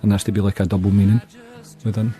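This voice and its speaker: A man's voice: fairly low pitch, flat delivery, rapid-fire, mellow, soft background music. A man with a Glaswegian accent, talking bluntly and plainly as a musician in a casual interview. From Scotland. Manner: blunt, plainspoken, uses local slang. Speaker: musician guest.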